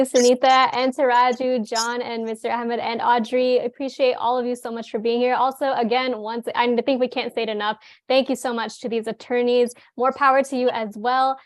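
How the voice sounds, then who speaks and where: A woman's voice: fairly high pitch, dry recording, studio quality. A woman moderating a briefing, giving gracious closing thanks with light humor.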